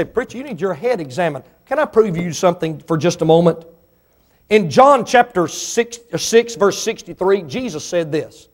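A high-voiced man preaches a sermon as pastor of a church. His delivery swells in pitch and loudness, then drops low, and he voices imagined listeners asking him questions. He stretches key phrases slowly for weight. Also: animated. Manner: preaching with sudden rises in pitch and volume, voicing imagined listeners.

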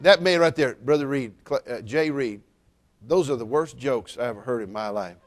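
A middle-aged man preaching at a church service, teasing the congregation with jokes and rising to loud exclamations. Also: medium pitch, normal speed. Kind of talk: sermon with humorous asides.

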